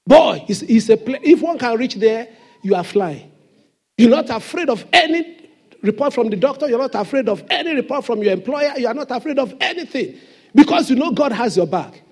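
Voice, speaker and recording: Pastor with a high, husky voice. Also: male voice, animated, brisk, a little mellow. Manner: emphatic call-and-response preaching. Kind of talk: sermon. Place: church.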